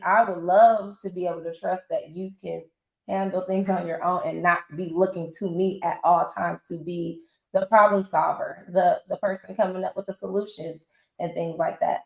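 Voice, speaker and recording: Animated woman in her forties, roomy sound. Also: on the low side, vocal fry. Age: 40s. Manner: animated storyteller acting out quotes. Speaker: interview guest. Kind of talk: casual interview talk. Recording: roomy echo.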